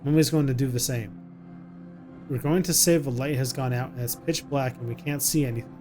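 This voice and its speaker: A man voicing a frightened young mother who talks to her little son in a hushed, soothing way, reading game dialogue aloud. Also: mid-range voice, steady tone, fairly quick, over music, natural voice. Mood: hushed, coaxing. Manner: hushed and soothing, coaxing a child.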